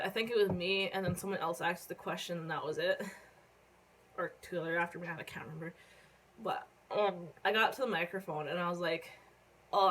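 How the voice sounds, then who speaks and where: A young woman from Canada telling a casual story on her phone vlog, rambling with lots of fillers and casual swearing while she hiccups and keeps clearing her throat. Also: fairly low pitch, fairly bright tone, low-quality recording. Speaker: vlogger.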